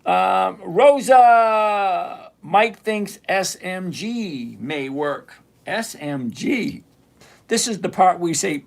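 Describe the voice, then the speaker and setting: A man's voice: sits high, sing-song, drawn-out words. A man hosting a live trading stream, chatting with viewers by name and teasing them as he walks through option math. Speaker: livestream trading show host. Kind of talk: live-stream chat answering viewer comments.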